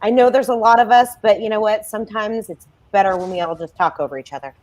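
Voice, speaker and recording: A woman's voice: mid-range voice, quick pace, a little mellow. A woman hosting a casual group livestream chat, upbeat and motherly, laughing easily. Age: adult with children. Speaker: host.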